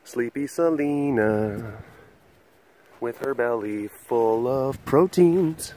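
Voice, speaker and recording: A man hosting a webcast from an animal compound, talking in a rambling, animated way and cooing at the animals, recorded outdoors on a windy day with a handheld camera. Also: mid-range voice, slow pace. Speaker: host of an animal facility webcast. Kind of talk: casual vlog chat.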